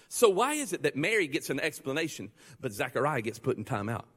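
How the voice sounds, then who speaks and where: A male pastor preaching a sermon, joking and conversational, then building to loud, fervent passages. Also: mid-range voice, very animated, moderate pace, husky, big-room sound.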